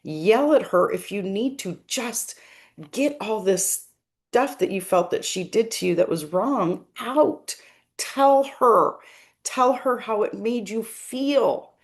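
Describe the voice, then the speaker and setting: A woman medium talking slowly and unhurriedly, her voice in a middle register. She speaks gently and earnestly, circling back over her points in a reflective monologue. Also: mid-range voice, lively intonation. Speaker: spiritual medium.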